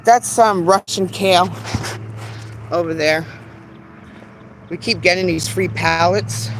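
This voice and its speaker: Woman host, casual and chatty, talking to live viewers outdoors on a phone mic, faint noise behind. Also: medium pitch. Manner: chatty, greets viewers by name, self-deprecating. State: out of breath while walking. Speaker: garden channel host. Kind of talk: casual live-stream garden tour. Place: outdoor backyard garden.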